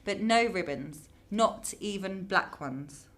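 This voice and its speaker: A woman's voice: mid-range voice, expressive, slow pace, a bit bright. A woman playing a young woman under AI control. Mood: cheerful. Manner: meek with the AI, bubbly with her mum. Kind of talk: radio drama acting.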